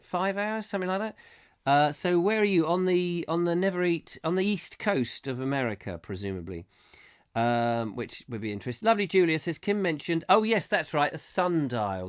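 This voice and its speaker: A middle-aged English man with a cold hosts a live comic chat show, reading out viewers' messages and drifting off into silly tangents. His voice sits a little high and swings widely up and down as he jokes. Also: fairly bright tone. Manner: playful, rambling, slips into silly put-on accents. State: has a cold, coughing.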